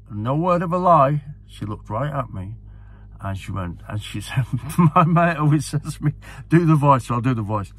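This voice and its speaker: A man's voice: medium pitch, a bit bright, husky. A man talking casually to camera, enthusiastic and rambling, often repeating himself as a horse racing tipster.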